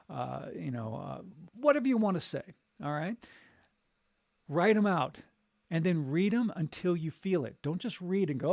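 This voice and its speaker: A man's voice: fairly high pitch, expressive, moderate pace, a little mellow, dry recording, clean studio sound. A man who works as a voice coach, giving an upbeat, encouraging live talk and repeating his key points. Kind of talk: live motivational chat.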